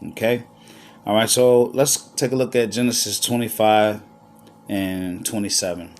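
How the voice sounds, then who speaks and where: A man giving a scripture lesson as teacher, unhurried with pauses, checking in often with "all right?" and "okay?". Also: lowish voice, fairly even intonation, a little hiss or hum. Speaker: Bible teacher.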